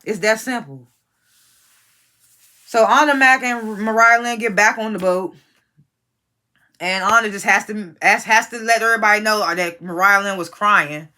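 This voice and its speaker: A woman's voice: medium pitch, steady tone, normal speed, long pauses, pushed and bright. A woman giving a casual, profane recap of a reality show. She is blunt and opinionated and talks straight to the cast members she is judging. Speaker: reality TV reviewer.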